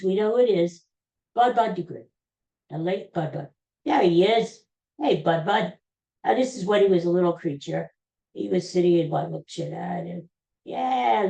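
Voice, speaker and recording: This podcast host is an older man with a high, gravelly voice and dark tone. Alone at the mic in an echoey room, he rambles casually and cracks folksy jokes.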